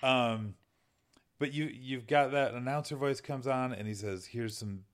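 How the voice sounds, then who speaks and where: A man's voice: mid-range voice, measured pace. A man co-hosting a podcast in casual chat, making wry, jokey asides. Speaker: podcast co-host.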